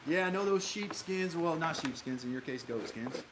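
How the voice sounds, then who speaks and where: Animated and moderately paced, with a voice on the high side, this livestream host from Minnesota, USA chats casually with viewers and reads out answers to their comments. He rambles with many fillers and restarts, over loud background noise and clicks.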